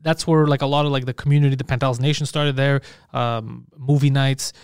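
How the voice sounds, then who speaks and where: A man's voice: mid-range voice, fairly even intonation, fairly quick, smooth, no echo, studio quality. A man hosting a casual podcast, telling stories in a rambling, profane way. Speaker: podcast host.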